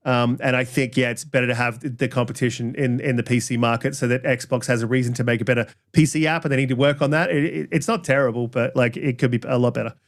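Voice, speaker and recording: A man's voice: mid-range voice, steady tone, fast talker, hardly any pauses. Rambling, apologetic male podcast host. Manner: rambling, apologetic, frequent "um"s and restarts. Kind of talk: casual podcast chat.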